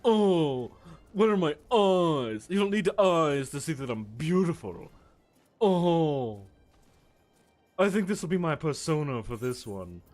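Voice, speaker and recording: Male streamer as wailing, self-admiring eyeless hero, slow and over the top. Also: on the high side, expressive, a little mellow, soft background music. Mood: vain. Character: vain eyeless male game character, melodramatic. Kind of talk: put-on character voice on a livestream.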